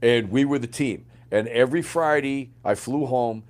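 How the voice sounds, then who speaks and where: A man's voice: medium pitch, moderate pace. Casual, profane middle-aged man telling war stories. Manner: profane, animated, acts out quoted dialogue. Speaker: podcast guest, former Green Beret sergeant major. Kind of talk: casual storytelling.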